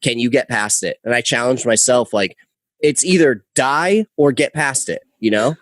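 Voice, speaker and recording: A young man, a podcast guest, telling a rambling story with animated, casual swearing. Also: mid-range voice, normal speed, dry recording. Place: podcast studio. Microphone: close podcast mic.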